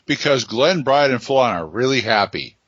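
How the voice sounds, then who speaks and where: A man hosting a podcast in a loose, joking chat, often breaking into laughter. His voice is bright and slightly husky, with a lively swing, heard on dull, dry lo-fi audio. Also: mid-range voice, moderate pace. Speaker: podcast host and game master. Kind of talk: casual chat.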